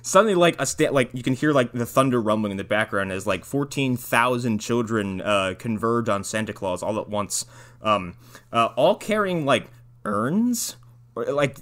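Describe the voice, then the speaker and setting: Man, podcast co-host, crude jokey riffing, bright forceful tone, very lively pitch. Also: moderate pace. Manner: crude jokey riffing, bursts of loud mockery. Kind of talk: casual comedic movie recap.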